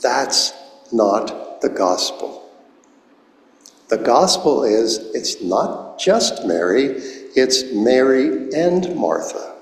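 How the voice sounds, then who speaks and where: A man in his seventies preaching a sermon as pastor, explaining words slowly and deliberately, recorded in a church sanctuary. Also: medium pitch, sing-song. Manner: slow, deliberate, explains Greek words one at a time. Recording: echoey church hall, long reverb.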